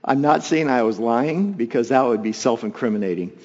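A man preaching a sermon, telling the story with lively asides and acting out the voices of the people in it. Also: brisk. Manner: animated storytelling, acts out voices with jumps in pitch and volume. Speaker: pastor. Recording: long hall reverb, dull lo-fi sound.

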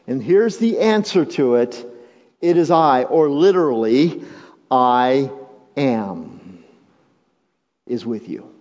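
A male pastor delivers a sermon in a sing-song, mid-range voice, moving between hushed, drawn-out phrases and raised, urgent appeals. He has the congregation repeat lines after him. The sound is dull and lo-fi, with long reverb from the hall.

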